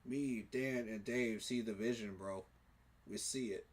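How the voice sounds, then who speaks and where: Guy ranting about his team like a sermon, husky voice, gets all emotional and repeats himself. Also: mid-range voice, measured pace. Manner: preachy, emotional, repeats phrases for emphasis. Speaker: sports fan commentator. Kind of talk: impassioned fan monologue.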